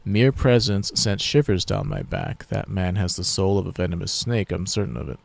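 A man's voice: low-pitched, moderate pace, vocal fry. A man doing a pleading wood elf prisoner. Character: imprisoned male wood elf vintner, pleading, indignant.

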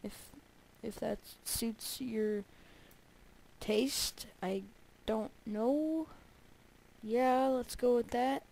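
A woman's voice: a little high, fairly even intonation, very slow, gravelly, warm tone, rough recording. A woman giving casual gameplay commentary, chatty and prone to bursts of panicked repeated cries. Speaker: let's play gamer.

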